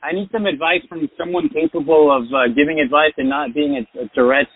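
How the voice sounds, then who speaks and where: A man's voice: on the high side, steady tone, brisk, slightly rough. A male caller, sarcastic and needling, mocking the host. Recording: tinny phone line.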